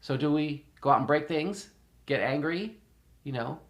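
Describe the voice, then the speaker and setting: A man's voice: on the high side, lively intonation, moderate pace. A man talking casually and rambling at home, repeating himself and laughing often. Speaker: podcast host. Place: indoors in a house.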